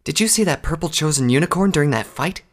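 A high, loud young mare recruit, as a male narrator puts her on in a storybook reading. She is eager and taunting, and her voice has a rough, gravelly edge. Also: lively intonation, quick pace. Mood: excited. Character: young female pony soldier, taunting and eager. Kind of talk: audiobook character voice.

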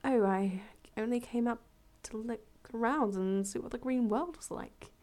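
A woman voicing a boastful male turtle who wants to seem wise, smooth-talking and persuasive in a storybook reading. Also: fairly high pitch, a little slow, darkish tone, natural voice. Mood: boasting.

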